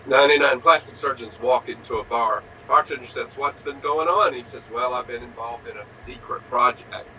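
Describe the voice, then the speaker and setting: A man delivering short deadpan improv jokes, quiet and quick. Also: mid-range voice. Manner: quiet, rapid punchlines. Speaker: improv performer. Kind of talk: quick deadpan joke telling. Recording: distant mic with faint noise.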